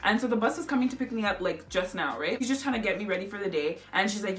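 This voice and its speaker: A woman's voice: mid-range voice, animated, very fast, faint music behind. A young woman vlogger telling a childhood story in a chatty, filler-heavy way. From Indo-Caribbean family. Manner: chatty, lots of "like" and "you know". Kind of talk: casual storytelling.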